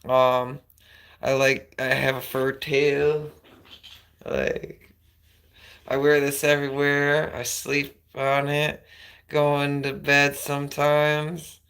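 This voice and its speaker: Livestreamer, casual chat, slow drawl, gravelly fry, rambling with fillers. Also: medium pitch, level tone, fairly bright tone, poor audio. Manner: rambling, hesitant, many fillers.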